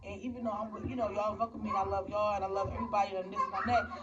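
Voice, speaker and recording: A woman's voice: mid-range voice, flat delivery, very fast. A woman casually recapping a movie at home for her viewers, rambling with many restarts and talking straight to them. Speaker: movie reviewer. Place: home with children nearby. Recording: distant, dull mic with faint background noise.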